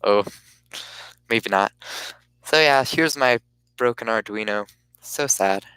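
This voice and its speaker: A man talking on a live stream at an unhurried, slow pace. His voice is smooth and clean, recorded dry and close with no room sound. He rambles and stops and starts, often breaking off his own sentences. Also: mid-range voice, bright, forceful tone, no room sound, rough recording. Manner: rambling, halting, self-interrupting. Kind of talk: casual live-stream chat.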